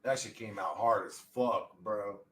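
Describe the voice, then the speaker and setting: Brief: young male streamer, casual and profane, mid pitch, roomy distant mic. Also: a little slow, a bit bright. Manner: rambling, profane, laid-back. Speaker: livestreamer. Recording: echoey room, distant mic.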